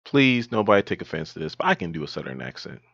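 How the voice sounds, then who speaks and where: A man hosting his own video, joking around and then counting down a list in an unhurried way. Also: low voice, sing-song, creaky, fairly bright tone, no room sound, highs cut off. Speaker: vlog host.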